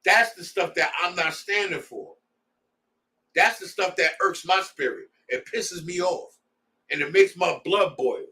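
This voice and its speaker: A man's voice: high voice, unhurried, pushed and bright, distant mic. A man leading a scripture class, preaching in a heated, blunt way with street slang. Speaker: class leader.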